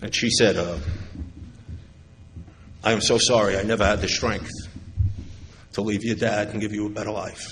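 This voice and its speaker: Low-voiced man telling his recovery story. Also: fairly even intonation, normal speed, long pauses, fairly bright tone, a little hiss or hum. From New York. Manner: storytelling, acting out others' lines, wry humor. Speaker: AA convention speaker. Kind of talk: personal recovery talk to an audience. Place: large convention hall. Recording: echoey hall with faint ambience.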